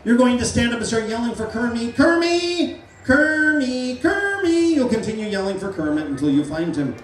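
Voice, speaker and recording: A man's voice: high-pitched, fast, faint music behind. Playful stage hypnotist man in an echoey tent. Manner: playful, giving loud repeated suggestions. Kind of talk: live comedy stage show. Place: large fair tent. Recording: echoey tent, mic heard from far.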